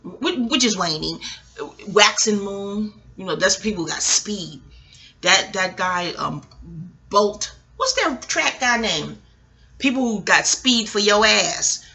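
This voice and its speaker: Woman astrologer ranting on her podcast, bright sharp voice, cusses a lot, wanders off topic. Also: medium pitch, expressive, takes it slowly. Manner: rambling, profane and digressive. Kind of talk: casual chat.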